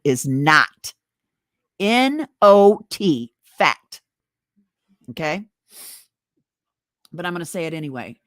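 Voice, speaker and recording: A woman's voice: fairly low pitch, a bit bright. Breathless woman ranting to her viewers. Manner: urgent, conspiratorial, addresses viewers as guys. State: short of breath, on oxygen. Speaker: political video blogger. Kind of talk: casual direct-to-camera rant.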